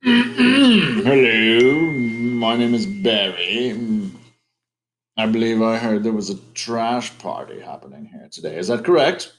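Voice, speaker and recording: A man voicing a prim, trash-loving male guest in a slow, formal, put-on accent. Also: mid-range voice, lively intonation, a bit bright.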